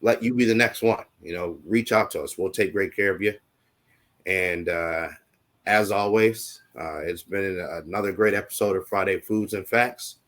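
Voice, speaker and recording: A man's voice: deep voice, normal speed, fairly bright tone. A man co-hosting a casual show, talking in a rambling, reassuring way with many fillers. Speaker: co-host. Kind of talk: casual talk show chat.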